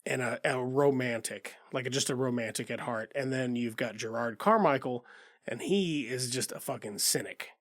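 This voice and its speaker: A man's voice: medium pitch, moderate pace, dry recording, studio quality. A man co-hosting a podcast about movies, in a casual, blunt chat full of swearing, who sometimes acts out the characters. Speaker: podcast co-host.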